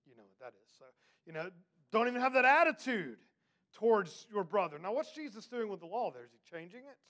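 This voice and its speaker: A man teaching a Bible study lesson, reading scripture slowly and putting questions to his class in an emphatic, conversational way. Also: high-pitched, sing-song, fairly bright tone. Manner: reads scripture slowly and deliberately.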